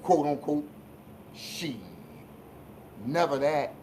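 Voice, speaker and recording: Blunt, profane sports-rant host. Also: male voice, steady tone, takes it slowly, slight background noise, poor audio. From Philadelphia. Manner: blunt, profane, swings between low asides and shouted emphasis. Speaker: sports talk show host. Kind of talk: live-stream sports rant.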